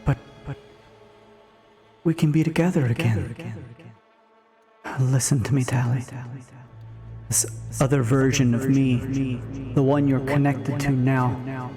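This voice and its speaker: A man's voice: medium pitch, fairly even intonation, slow pace, long pauses, mellow, faint music behind, close to an everyday voice. A man voicing the eerie double of a young woman, who coaxes urgently, partly whispered. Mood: coaxing.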